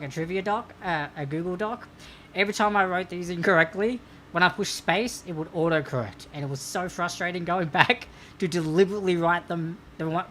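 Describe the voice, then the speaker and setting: Woman trivia host, lowish voice, bubbly and playful, laughs a lot, faint background hiss. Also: a bit bright. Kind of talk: live-streamed trivia hosting, chatty.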